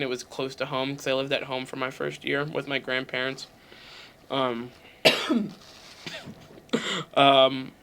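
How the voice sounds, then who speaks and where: A man's voice: mid-range voice, fairly bright tone, a little hiss or hum. A man in his twenties, a guest on a hot wing interview, joking about himself while talking through bites of spicy food. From Pennsylvania, USA. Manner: joking, self-mocking, quick asides. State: eating spicy wings, talking while chewing. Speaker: interview guest, university staff. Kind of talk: casual chat over a hot wing challenge.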